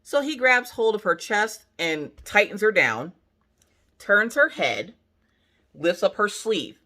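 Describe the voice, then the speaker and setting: A woman hosting a casual vlog, telling a family story in an animated, emphatic way with sassy asides. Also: mid-range voice, slow. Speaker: channel host, mother.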